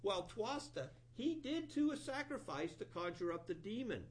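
A man giving a sermon, retelling an old scripture story in an animated storytelling voice with rising emphasis. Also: high-pitched, moderate pace. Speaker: preacher.

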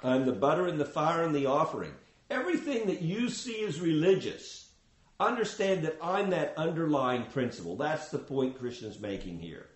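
A man giving a scripture class, explaining in a measured way with frequent restarts. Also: on the high side, big pitch swings, echoey room, poor audio. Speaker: spiritual teacher.

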